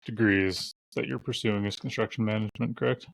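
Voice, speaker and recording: A man's voice: on the low side, steady tone, fast talker, creaky, dry recording. A man hosting a podcast, asking short follow-up questions in a casual interview. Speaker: podcast host.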